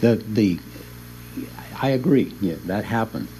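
A man's voice: lowish voice, animated, measured pace, mellow, slight background noise, low-quality recording. A man teaching a Bible class in an easygoing lecture, often chuckling as he explains.

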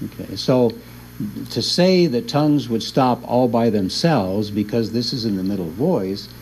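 A man's voice: on the low side, a little mellow, slight background noise, low-quality recording. A man teaching a Bible class in an easygoing lecture, often chuckling as he explains.

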